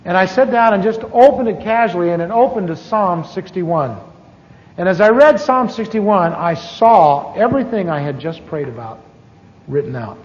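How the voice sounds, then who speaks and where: A man, a preacher, telling a personal testimony in a conversational sermon, with halting restarts. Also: high-pitched, lively intonation, a little mellow. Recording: echoey hall, dull lo-fi tape.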